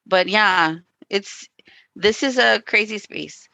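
Animated woman, bright dry voice. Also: mid-range voice, slow, vocal fry, dry recording. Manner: animated storyteller, acts out quotes, frequent "you know" and "like". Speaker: podcast co-host. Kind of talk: casual conversation.

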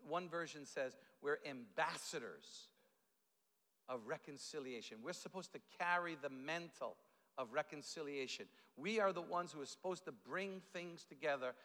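A man preaches in a church hall, his voice high and bright. He tells stories animatedly, full of fillers and restarts. A long reverb trails his words. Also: normal speed. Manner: animated storytelling with fillers and repeated starts. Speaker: pastor. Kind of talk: sermon.

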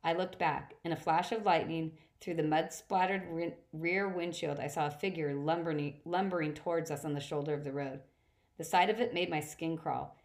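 A woman narrating a first-person adventure story with a fairly low voice. She reads steadily, now and then stumbling and restarting a phrase. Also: moderate pace. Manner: steady reading with occasional slips and restarts. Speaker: audiobook reader.

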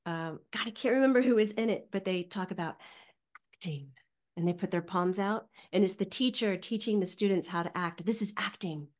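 A woman guest on a podcast, a psychic medium, chatting casually in an animated, teaching way. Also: medium pitch, brisk. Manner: animated, teaching tone, acts out quoted voices.

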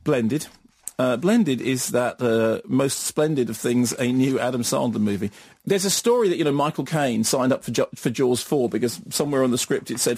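A British man co-hosting a radio film review, animated and mocking, slipping into quick sarcastic asides. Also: medium pitch, slight background noise. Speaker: film critic co-host.

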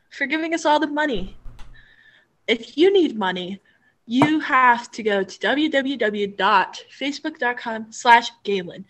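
A woman's voice: fairly high pitch, a bit bright. A woman co-hosting a podcast, chatting casually in a jokey, rambling way. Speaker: podcast co-host. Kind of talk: casual chat.

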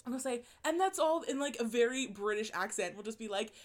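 A woman's voice: a little high, fast talker. A woman in casual podcast chat, talking animatedly, laughing often and swearing as she raves about a book.

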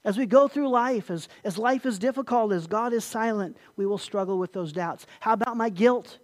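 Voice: mid-range voice, moderate pace, darkish tone. A pastor preaching a sermon, emphatic, often repeating words and putting questions to the listeners.

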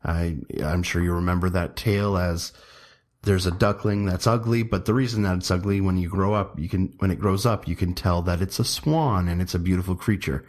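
A man's voice: sits low, steady tone, brisk, darkish tone. A man in his thirties hosting his own podcast, talking casually and rambling a bit with fillers and restarts. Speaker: podcast host. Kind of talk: casual solo podcast talk.

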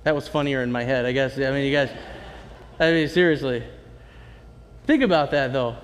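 A man delivers a sermon in a chatty, animated style and often turns to the congregation with asides. His voice sits a little high for a man. The sound carries the long reverb of a large hall. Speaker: pastor.

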